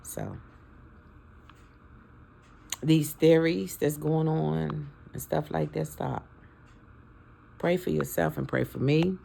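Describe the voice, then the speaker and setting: A woman's voice: deep voice, steady tone, takes it slowly, vocal fry, long pauses, warm tone, husky. A woman in her fifties talking to her followers in a casual, heartfelt and preachy way, emotional about her family. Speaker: vlogger. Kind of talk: casual heartfelt talk to camera.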